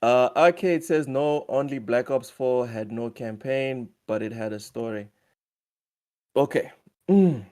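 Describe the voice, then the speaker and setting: A man's voice: mid-range voice, measured pace, dark tone. A man hosting a casual gaming live stream, reading viewer comments aloud in a loose, chatty way. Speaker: stream host running a quiz.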